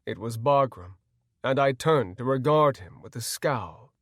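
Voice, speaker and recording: Slow, measured male audiobook narrator. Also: mid-range voice, expressive, no room sound, clean studio sound. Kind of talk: first-person audiobook narration.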